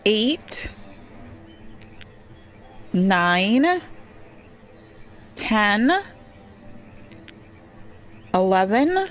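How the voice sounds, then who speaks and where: A woman casually commenting as she plays a settlement-building game, thinking aloud slowly with frequent pauses and ums. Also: medium pitch, sing-song, fairly bright tone. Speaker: gameplay streamer. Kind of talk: casual let's-play commentary.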